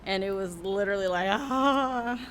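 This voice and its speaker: A woman's voice: mid-range voice, normal speed, fairly bright tone, a little hiss or hum. A young adult woman, a worship leader who is a podcast guest, telling a candid, emotional story with many fillers in a casual interview.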